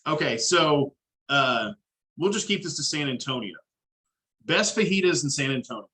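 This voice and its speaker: Man, podcast host, crisp bright tone, laid-back chatty talk, casual cursing. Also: on the high side, expressive, normal speed, poor audio. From Dallas, Texas. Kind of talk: casual interview chat.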